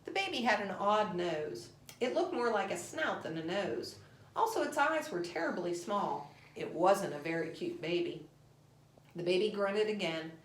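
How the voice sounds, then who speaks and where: A woman reading a children's storybook aloud in an expressive, animated way. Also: medium pitch, moderate pace. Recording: roomy echo.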